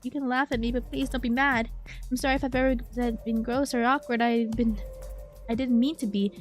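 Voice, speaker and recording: A woman's voice: fairly high pitch, steady tone, brisk, soft background music, natural voice. A woman voicing a lonely, desperate young man who pleads and begs over and over while reading game dialogue aloud. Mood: pleading. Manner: pleading, repetitive, breathless begging.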